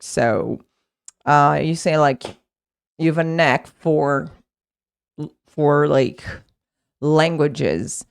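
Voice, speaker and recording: Slow, patient woman teaching English. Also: deep voice, creaky, smooth. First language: Portuguese. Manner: slow, patient, repeats words and spells them out. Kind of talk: explaining vocabulary in a lesson.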